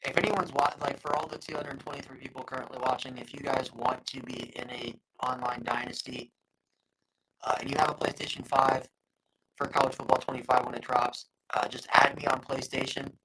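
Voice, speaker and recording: A man hosting a casual sports podcast, laid-back and quick to laugh. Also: mid-range voice, little pitch movement, background noise. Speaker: podcast host.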